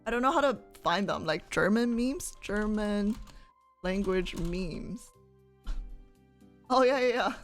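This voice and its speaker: A young woman streams and chats casually, reading out her viewers' comments and answering them. She laughs often and keeps turning to her audience with questions. Her pitch sits in an ordinary middle range. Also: lively intonation, slow pace, pauses often, soft background music.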